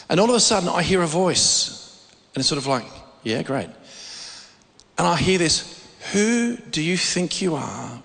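A man preaching a sermon, telling stories with animated energy and frequent restarts. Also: fairly high pitch. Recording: long reverb of a hall.

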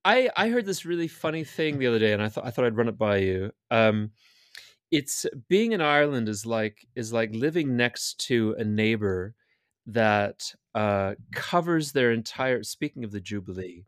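A man hosting a casual chat, telling stories in an animated way and swearing casually. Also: mid-range voice, moderate pace, no echo, studio quality. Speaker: host.

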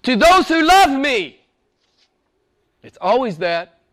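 A male pastor preaching a sermon, swinging between loud exhortation and hushed whispers, with laughs between points. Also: extremely high pitch, very animated, slow.

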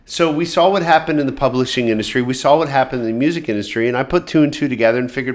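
A man's voice: mid-range voice, very fast, few pauses. Conversational man hosting a podcast. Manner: conversational, with many fillers and restarts; calls his own voice monotone. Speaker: podcast host. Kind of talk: solo podcast talk.

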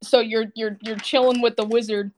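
A woman's voice: a little high, little pitch movement, moderate pace, darkish tone, a little hiss or hum. A woman narrating as game master of a tabletop game, loose and jokey, often laughing.

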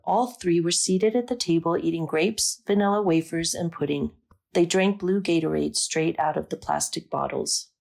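A woman narrating a story aloud in a calm, measured reading. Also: lowish voice, creaky. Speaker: audiobook narrator.

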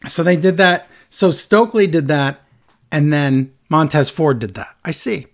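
A man chatting casually on a podcast, animated and acting out quotes in a lowered voice. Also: measured pace. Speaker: podcast co-host recapping wrestling. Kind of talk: casual chat.

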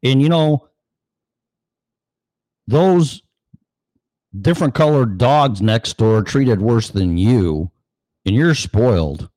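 A male show host delivers an opinion monologue, ranting sarcastically, cursing, and slipping into other characters' voices mid-rant. His voice is medium in pitch with a darkish tone and lively intonation, and he speaks slowly with frequent pauses. The recording is clean studio sound with no echo.

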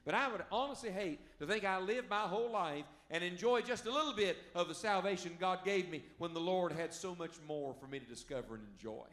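Forceful, bright-voiced male preacher. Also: high-pitched, expressive. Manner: emphatic preaching with questions to the congregation; reads scripture aloud slowly and deliberately. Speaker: pastor. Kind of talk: sermon.

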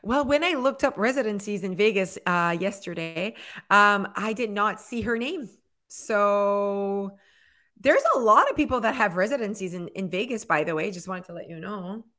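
A woman co-hosting a casual chat, talking fast with lots of fillers and acting out what people say. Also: medium pitch. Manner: chatty, filler-heavy, animated storytelling. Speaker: podcast co-host.

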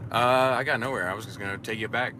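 A man's voice: fairly low pitch, rapid-fire, noisy background. A man talking casually in a car, rambling and swearing, with a self-deprecating edge. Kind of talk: casual chat.

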